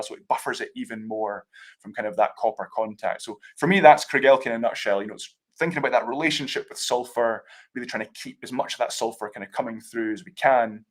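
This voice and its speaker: A man's voice: mid-range voice, quick pace. Scottish man, brand ambassador, chatty explainer, video call sound, fillers and asides. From Scotland. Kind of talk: live tasting talk.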